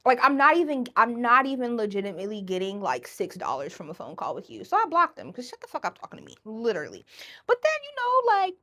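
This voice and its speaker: Woman podcast host, casual solo talk, animated, swears freely, acts out quotes. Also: fairly high pitch, fast talker, few pauses. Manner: animated, profane, acts out voices.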